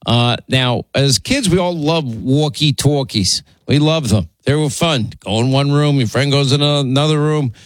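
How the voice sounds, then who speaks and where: A man's voice: medium pitch, no echo. Middle-aged new york guy hosting talk radio, teasing banter, dry close mic. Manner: teasing, quick, chatty. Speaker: radio talk show host. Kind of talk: casual on-air banter. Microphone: studio microphone.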